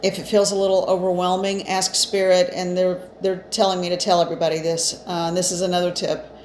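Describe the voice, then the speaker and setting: A woman's voice: fairly low pitch, little pitch movement, brisk, a little mellow. A woman giving a casual spiritual card reading, chatty and reassuring, with fillers and restarts, a bit short of breath. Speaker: psychic reader. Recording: echoey room, faint ambient noise.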